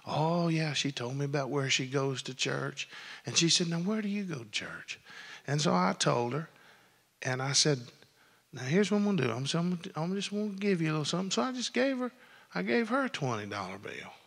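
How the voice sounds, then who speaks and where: A preacher man with a high, bright voice tells homespun stories from the pulpit, then rises into loud, fervent preaching. His words ring out with a long reverb in a church sanctuary. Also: expressive, brisk, gravelly. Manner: folksy storytelling, builds to loud preaching. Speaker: pastor. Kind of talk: sermon.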